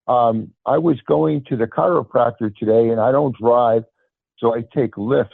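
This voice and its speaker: Man, caller, hesitant and stumbling, middle pitch, thin phone-line sound. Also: dry recording. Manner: hesitant, restarts words often. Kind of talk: telling a personal story. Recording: phone line, dry and gravelly.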